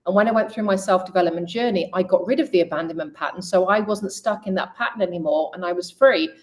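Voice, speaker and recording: A middle-aged woman in an interview, telling her own story and speaking straight to women listeners. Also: fast. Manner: lively storyteller who voices quoted people with raised pitch; direct, addresses women listeners. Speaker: guest coach.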